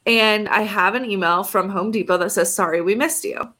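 A woman's voice: mid-range voice, normal speed, sharp tone, slight background noise. A young adult woman co-hosting a podcast, telling a story in a casual chat and acting out both sides of phone calls. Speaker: podcast co-host.

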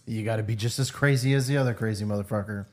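A man co-hosting a podcast, chiming in casually on a movie recap with quick, profane remarks. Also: lowish voice. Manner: quick interjections, swears casually. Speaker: podcast co-host. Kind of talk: casual movie review chat.

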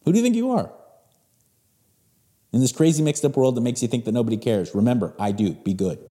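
In his forties, this podcast host delivers a blunt, emphatic motivational monologue and swears freely. His medium-pitched voice is warm and expressive, moving a little fast.

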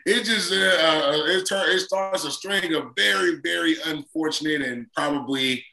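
A man, a former football player co-hosting a casual sports podcast, telling lively stories and acting out quotes. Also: moderate pace, gravelly, echoey room, poor audio. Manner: animated storyteller, acts out quotes in a higher voice, laughs often.

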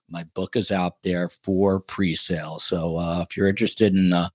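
A man's voice: sits low, little pitch movement, darkish tone, no room sound, studio quality. A man with a New York accent hosting a podcast, talking casually with frequent hesitations. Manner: casual, halting with fillers. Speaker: podcast host. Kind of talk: podcast interview.

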